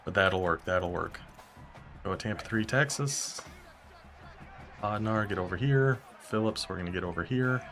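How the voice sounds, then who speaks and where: A young man commentating his own football video game as he plays, talking to himself and reacting with sudden excitement and frustration. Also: lowish voice, soft background music. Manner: talks to himself while playing, quick bursts of excitement and frustration. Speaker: gaming YouTuber. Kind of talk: live gameplay commentary.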